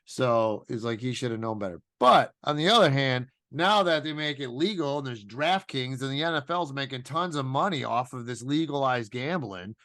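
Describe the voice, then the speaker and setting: A man's voice: mid-range voice, lively intonation, a bit bright, no room sound. Dry-voiced man telling podcast stories. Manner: loose storyteller, quick asides and laughter. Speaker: podcast co-host, comedian. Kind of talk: casual podcast chat.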